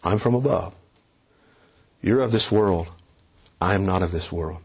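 A man's voice: low-pitched, a little slow, vocal fry, husky. A man preaching an expository sermon, rising and dropping his voice for emphasis and urging his listeners to hear him. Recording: dull lo-fi recording.

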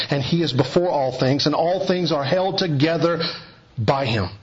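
Man, preacher, sermon, husky voice, muffled recording. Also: mid-range voice. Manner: measured expository preaching, slowing for emphasis.

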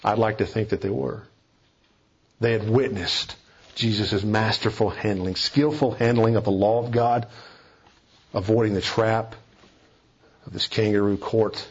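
A man's voice: on the low side, fairly even intonation, unhurried, pauses often, slightly rough, lo-fi sound. A man preaching a sermon as a pastor, earnest and emphatic, stressing key phrases.

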